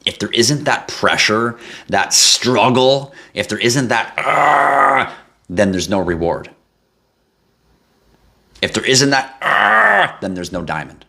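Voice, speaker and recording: Deep-voiced man hosting a casual livestream. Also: measured pace, long pauses. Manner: animated, laughs and swears, jumps to high yelps for effect. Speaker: livestream host. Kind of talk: casual live chat reading comments.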